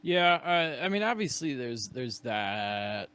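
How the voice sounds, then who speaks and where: A young man co-hosting a sports chat, relaxed and a bit hesitant, often restarting his sentences. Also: medium pitch, takes it slowly, clean tone. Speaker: co-host.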